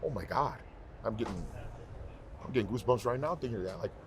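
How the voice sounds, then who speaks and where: A man who is a professional singer, guest on an interview show, telling stories in an animated, emphatic, rambling way. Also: medium pitch, fast, background noise. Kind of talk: casual interview talk.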